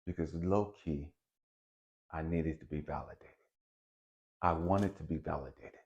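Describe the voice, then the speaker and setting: A man's voice: low voice, animated, measured pace, pauses often, dull audio. Profane, fiery preachy man. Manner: emphatic, swinging between loud and hushed. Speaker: spiritual video host. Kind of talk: motivational spiritual talk.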